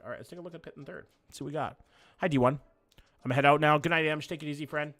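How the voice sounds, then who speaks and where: Fast-talking man streaming live. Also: on the high side, faint music behind. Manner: fast, casual, swears freely. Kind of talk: live-stream reaction chat.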